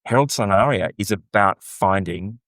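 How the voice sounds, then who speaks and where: Enthusiastic Australian man, low voice. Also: moderate pace, dry recording, studio quality. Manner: enthusiastic, animated, jumps to high pitch on questions. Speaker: podcast co-host. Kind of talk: casual chat reviewing a singing competition.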